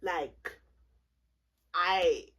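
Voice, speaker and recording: A woman in her twenties telling a comedic storytime vlog, animated and profane, acting out both sides of the conversation. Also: on the low side, drawn-out words, a little hiss or hum. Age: 20s. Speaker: vlogger.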